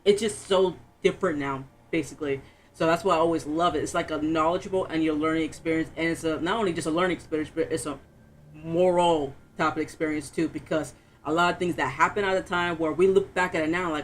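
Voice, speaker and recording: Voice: mid-range voice, fast, a little hiss or hum. Chatty streamer telling stories. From Florida, USA. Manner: animated storyteller, laughs often, acts out quotes. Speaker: game streamer. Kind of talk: casual chat while playing.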